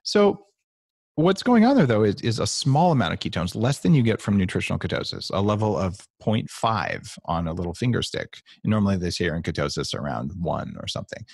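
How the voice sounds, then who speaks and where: A man's voice: low-pitched, sing-song, brisk, creaky, darkish tone, breathy edge, dry recording, clean studio sound. A middle-aged man, a guest author, talking playfully on a podcast and acting out little voices as he explains. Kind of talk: animated podcast talk.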